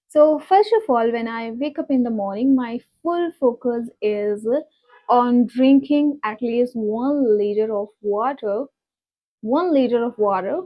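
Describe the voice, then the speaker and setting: Woman, coach, slightly high voice, repeats words slowly and nudges learners along. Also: highs cut off. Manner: drills words and tongue twisters, repeating each slowly; coaxing and instructive toward learners. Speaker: accent coach. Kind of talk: pronunciation lesson.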